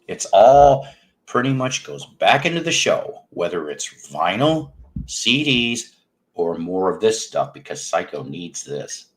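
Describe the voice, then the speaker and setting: Rambling man hosting a livestream. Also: low-pitched. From United States. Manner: rambling, self-mocking, jokey. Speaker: livestream music show host. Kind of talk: casual livestream chat. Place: home.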